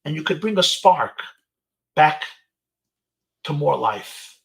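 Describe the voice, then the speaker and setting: A man with a somewhat high voice gives an inspirational talk to teenage boys over a webinar. He speaks as a rabbi, telling stories in an animated way and sprinkling in Yiddish and Hebrew phrases. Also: slow pace, vocal fry. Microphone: webinar video call.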